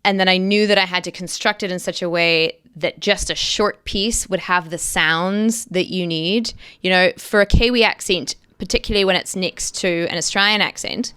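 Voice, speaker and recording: Middle-aged actress guest, lower voice with a crisp, smooth tone, animated storyteller. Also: female voice, normal speed, hardly any pauses, no room sound, studio quality. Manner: animated storyteller, quotes others in lively bursts. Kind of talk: casual interview chat.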